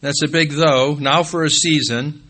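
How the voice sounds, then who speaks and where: A man preaching a sermon as pastor. He rises to emphatic peaks, then drops low and quiet when he calls out scripture references. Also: fairly even intonation, a little slow.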